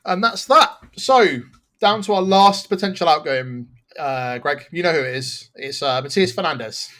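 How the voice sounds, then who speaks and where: A man's voice: a little high, animated, unhurried, bright, forceful tone. A man hosting a football podcast, chatting casually and rambling, laughing at his own slips. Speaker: podcast host. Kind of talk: casual chat.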